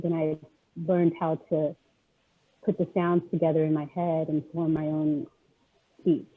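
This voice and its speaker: A woman guest speaker explaining autism advocacy on a video call, halting with many pauses and fillers. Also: fairly low pitch, slightly rough. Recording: tinny phone-like call audio.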